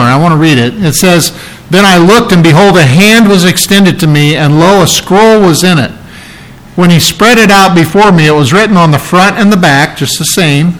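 Male pastor, sermon delivery, slightly higher pitch, earnest verse-by-verse teaching. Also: fairly bright tone, poor audio. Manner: earnest Bible teaching, reading verses aloud and explaining them.

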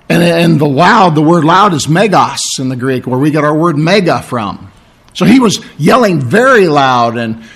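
Preacher with a strained voice. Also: male voice, a little high, creaky. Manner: explanatory, asks "okay?" and "all right?" for agreement. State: strained voice, clearing his throat. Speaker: pastor. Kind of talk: sermon, Bible teaching.

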